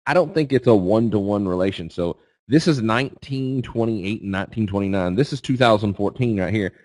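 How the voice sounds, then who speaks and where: A man's voice: on the low side, darkish tone, dry recording. A middle-aged man with a Kentucky accent, giving a folksy, casual webinar presentation as a guest speaker on trading. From Eastern Kentucky, US. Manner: folksy, casual, checks in with "okay?" and "right?".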